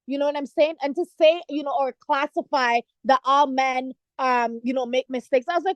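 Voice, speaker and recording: A woman's voice: high voice, normal speed, few pauses, dry recording. A young woman hosting a podcast, chatting casually and animatedly about a reality show, full of "like" and "you know" fillers. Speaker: podcast host.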